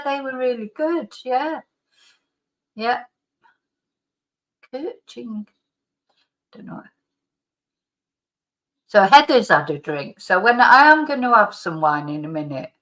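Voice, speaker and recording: This middle-aged live-stream host, who has a slight lingering cough, reads out viewer comments in a rambling, chatty way, restarting often and laughing. Her fairly high voice has lively intonation and a slightly bright tone, moving at a measured pace with frequent pauses.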